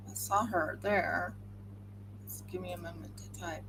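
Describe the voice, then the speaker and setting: A woman's voice: fairly low pitch, fairly even intonation, a little slow, noisy background. A woman chatting casually on a livestream, talking through each step of her craft work as she goes. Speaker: crafter livestreaming a resin pour.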